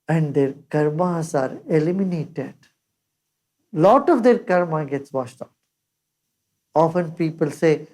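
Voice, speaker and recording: An older woman giving a measured spiritual discourse as a teacher, reciting scripture verses along the way. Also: on the low side, lively intonation, a little mellow.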